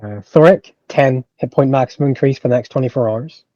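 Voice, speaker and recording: Calm game master, dark dry voice. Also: male voice, mid-range voice, fairly quick, dry recording, muffled recording. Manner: calm, clarifies rules and rolls. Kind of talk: running a tabletop game over voice chat.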